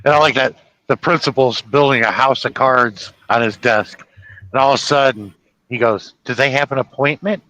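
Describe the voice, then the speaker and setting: Man, livestream host, chatty storyteller, bright forceful tone, dry close sound. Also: mid-range voice, steady tone, no echo, low-quality recording. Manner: laughing storyteller doing quick impressions of characters. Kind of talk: casual chat, retelling movie scenes.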